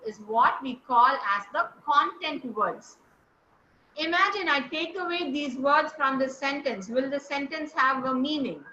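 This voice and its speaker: A woman's voice: sits high, animated, unhurried, sharp tone, a little hiss or hum. A woman, coaching a club group on word stress, explaining step by step and putting questions to the room. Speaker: speaking coach. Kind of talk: classroom lesson on word stress. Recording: echoey room, dull lo-fi sound.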